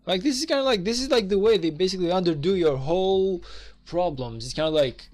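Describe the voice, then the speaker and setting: A man's voice: high-pitched, expressive, brisk, a little mellow, faint music behind. A man streaming a strategy game, ranting in casual commentary with lots of fillers and swearing. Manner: exasperated, rambling, swears, many fillers.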